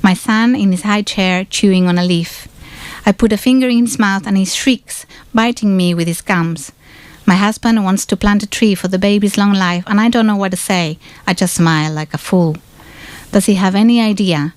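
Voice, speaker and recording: A woman reading a novel excerpt aloud at a bookshop event, in a measured, deliberate first-person delivery. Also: mid-range voice, darkish tone, no echo.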